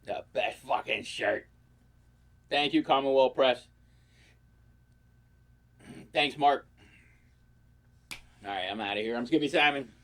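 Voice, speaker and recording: Bright-voiced man telling crude comic stories. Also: mid-range voice, takes it slowly, pauses often. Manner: rambling, profane, joking. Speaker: comedy vlogger. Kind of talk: crude comic storytelling vlog.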